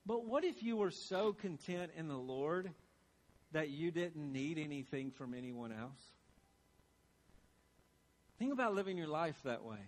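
A man preaching a sermon from the pulpit, his voice sitting high. He presses earnest questions on the congregation and hammers points home by repeating them. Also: a bit bright. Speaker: pastor.

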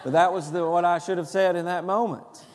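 A man's voice: high-pitched, steady tone, a little fast. A man serving as a pastor, preaching a sermon and praying with an earnest, emphatic cadence in a church sanctuary. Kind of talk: sermon with prayer and storytelling. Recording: long reverb of a large hall.

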